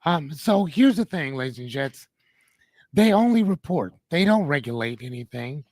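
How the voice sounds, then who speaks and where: A man's voice: fairly high pitch, animated, normal speed, a little mellow, no room sound. A middle-aged man hosting a live motivational podcast, talking straight to his audience in a blunt, preachy way with casual swearing. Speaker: podcast host.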